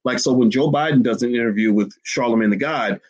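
Husky-voiced man giving emphatic commentary. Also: medium pitch, quick pace, highs cut off. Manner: emphatic, repetitive, rhetorical questions. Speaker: finance commentator. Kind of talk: livestream commentary to a chat.

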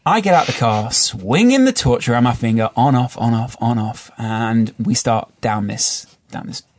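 A man's voice: mid-range voice, expressive, normal speed. A man from the English Midlands telling a rambling, sweary story in a casual podcast chat. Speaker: podcast guest.

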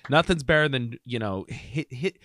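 A man co-hosting a podcast in casual chat, telling a story in an animated way. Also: mid-range voice, moderate pace. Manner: animated storyteller, acts out voices in his tale. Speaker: podcast co-host.

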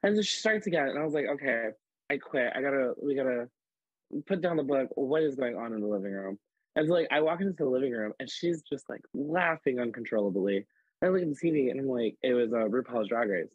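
Husky-voiced man telling animated stories. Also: mid-range voice, quick pace, dry recording, muffled recording. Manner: animated, filler-heavy storytelling with many "like"s. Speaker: podcast guest, drag performer. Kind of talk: casual storytelling chat.

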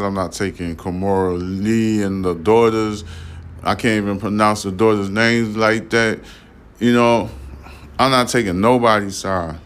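A man's voice: sits low, slight background noise. A man hosting his own commentary podcast, talking bluntly and profanely in a loose, rambling way, rising to heated rants. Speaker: podcast host.

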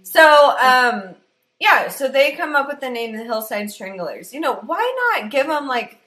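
A woman's voice: high-pitched, very animated, a little slow, pushed and bright. A woman co-hosting a true-crime podcast, telling the story in a loose, profane, joking way. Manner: profane, laughs often, storytelling. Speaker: podcast co-host. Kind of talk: casual true-crime chat.

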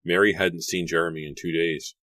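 Very deep-voiced male audiobook narrator. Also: level tone, a bit bright, no room sound. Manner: measured storybook reading.

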